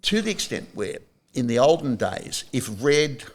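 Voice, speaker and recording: An older man with an Australian accent tells stories in a gravelly voice. His pitch rises and falls widely as he acts out what other people said in casual conversation. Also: unhurried. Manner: animated storyteller who acts out other people's lines. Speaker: guest, saxophonist. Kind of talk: casual anecdotal chat.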